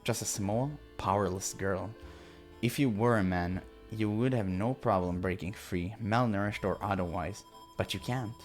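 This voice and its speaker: This is a cruel, sneering young woman captor who mocks her prisoner in a visual novel, with a man reading her part. The voice sits fairly low, and it taunts without pause. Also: soft background music, lightly acted. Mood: mocking.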